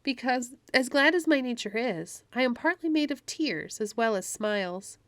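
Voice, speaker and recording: A woman's voice: on the high side, lively intonation, normal speed, a bit bright, no echo, voice pushed up. Hope, a woman doing a sweet little fairy. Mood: gentle. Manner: sweet, arch, coaxing. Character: cheerful tiny winged female fairy, Hope. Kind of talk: storybook read-aloud.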